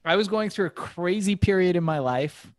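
A man telling a long animated story as a podcast guest, swearing freely and breaking into laughter. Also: high voice, no echo, clean studio sound. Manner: profane, animated, quick laughs.

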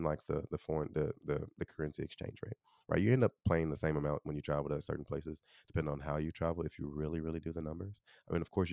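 A young man from Chicago hosts a casual solo podcast in a deep, low voice. He talks quickly and loosely, filling his sentences with easygoing asides. The recording is close and dry, with no room echo. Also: vocal fry, mellow. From Chicago, USA. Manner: chatty, loose, full of "you know" and "like". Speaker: podcast host.

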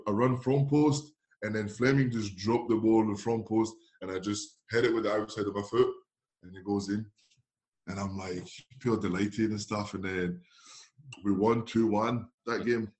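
A man, a former footballer, casually telling an anecdote and acting out the dialogue with laughs. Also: fairly low pitch. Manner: animated, acts out dialogue with laughs.

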